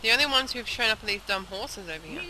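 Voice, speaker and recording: A woman's voice: on the high side, lively intonation, fast talker. A young woman casually commenting on a video game, chatting aloud and talking to the characters. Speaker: let's play host. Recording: noisy home recording.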